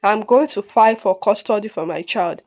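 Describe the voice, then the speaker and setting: A woman's voice: medium pitch, moderate pace, a little mellow, dull audio, lightly acted. A woman voicing an angry ex-husband, curt and sarcastic. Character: angry ex-husband threatening custody.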